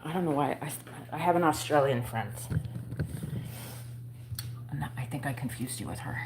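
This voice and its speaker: A woman's voice: low voice, normal speed, background noise. A woman hosting a casual livestream from home, chatting with viewers in a playful, self-mocking way. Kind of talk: casual chat.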